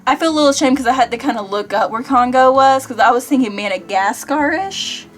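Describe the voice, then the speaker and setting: A woman's voice: sits high, animated, fast talker, faint music behind. A young woman talking casually in a vlog, chatty and self-deprecating. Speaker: vlogger.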